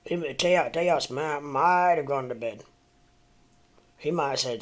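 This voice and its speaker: A man's voice: fairly high pitch, a little slow, long pauses. An American man chatting casually on a livestream, rambling with lots of fillers and restarts, and talking to his dog in between. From United States. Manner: talks to his dog mid-stream. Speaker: crypto livestream host.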